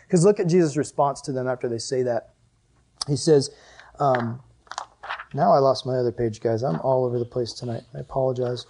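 A man's voice: on the high side, moderate pace, long pauses, warm tone. A man preaching a casual sermon as a youth pastor, conversational and emphatic with joking asides.

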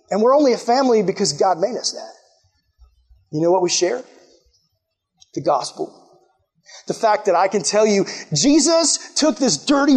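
Man, young, youth pastor, sermon, excitable, high-pitched. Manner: energetic, excitable, acts out quoted voices.

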